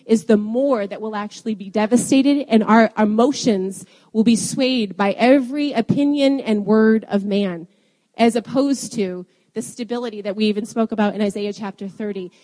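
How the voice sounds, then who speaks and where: A young woman preaching a sermon in an animated way, laughing often at herself. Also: a little high. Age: young adult. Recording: long hall reverb.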